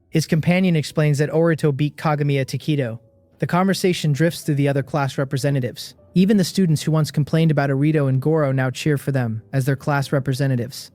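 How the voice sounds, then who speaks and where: A man giving a scripted first-person story recap, steady and measured, in short even sentences. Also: a little high, no room sound. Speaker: recap narrator.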